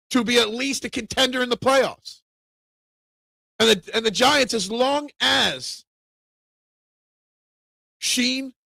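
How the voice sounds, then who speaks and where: Philly sports talk guy, high gravelly voice, opinionated, dry close sound. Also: no echo. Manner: opinionated, animated, gets loud when ranting. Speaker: sports show host. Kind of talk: casual sports talk show, reading chat comments.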